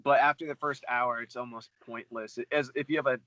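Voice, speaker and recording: Bright-voiced man in casual chat. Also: mid-range voice, fairly even intonation, dry recording, rough recording. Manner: fast, loose, swears freely, many fillers. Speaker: guest, book reseller.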